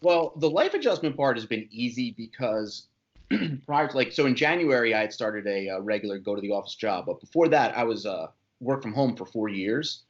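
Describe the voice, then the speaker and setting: A man's voice: medium pitch, animated, normal speed, dull audio. A man who is a guest on a podcast, talking in an easygoing, conversational way with frequent asides. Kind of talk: casual podcast chat.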